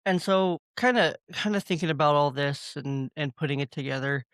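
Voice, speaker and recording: A man's voice: fairly high pitch, moderate pace, a bit bright, no room sound. A man hosting a podcast, summing up his guest's points in a reflective way with restarts. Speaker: podcast host. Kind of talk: casual interview talk.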